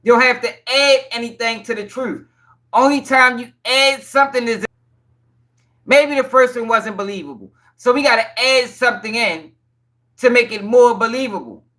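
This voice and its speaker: A man hosting a casual livestream, reading court documents and talking straight to his chat viewers. His voice sits high and sounds bright, sharp and forceful. He talks in blunt, exasperated slang laced with cursing and keeps repeating his points. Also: normal speed. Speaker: livestream news commentator. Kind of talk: casual profane commentary reading court papers.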